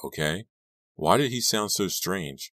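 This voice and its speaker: Very deep-voiced male audiobook narrator. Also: normal speed, a bit bright, no echo, clean studio sound. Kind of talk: scripted first-person narration.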